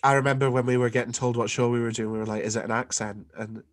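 A man's voice: mid-range voice, steady tone, quick pace, dry recording, studio quality. A young man hosting a casual chat, blunt and teasing, with some swearing. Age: young adult.

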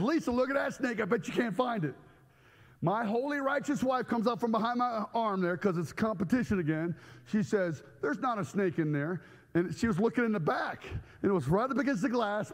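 A middle-aged male pastor telling a story in a sermon, acting out the scenes with shouts and sound effects. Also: high voice. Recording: echoey hall.

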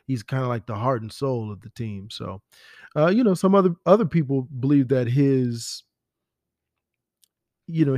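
A man's voice: mid-range voice, darkish tone, dry recording, studio quality. A man hosting a podcast, talking in a rambling, profane, conversational way. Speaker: podcast host. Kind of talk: casual solo commentary.

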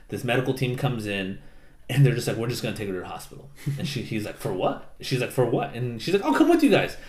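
A man casually recapping an anime plot, animatedly acting out the characters in silly voices and swearing offhand. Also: lowish voice. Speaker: podcast co-host recapping an anime. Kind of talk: casual chat. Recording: roomy echo.

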